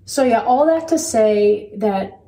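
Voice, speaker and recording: A podcast co-host in her thirties talks earnestly about faith and parenting, sharing a personal story and repeating phrases for emphasis. Her voice is on the high side, warm and animated, and she takes it slowly. The recording sounds roomy, with a distant mic and faint background noise.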